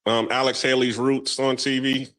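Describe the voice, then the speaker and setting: A man's voice: mid-range voice, level tone, moderate pace, fairly bright tone, poor audio. A man hosting a casual talk show, rambling through long stories with lots of ums and restarts. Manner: rambling storytelling with many fillers. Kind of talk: casual discussion.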